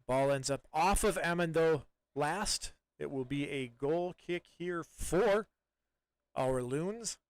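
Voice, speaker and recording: A man doing live play-by-play soccer commentary in a relaxed, chatty way, with many fillers and restarts. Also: fairly high pitch, clear, resonant tone, no echo.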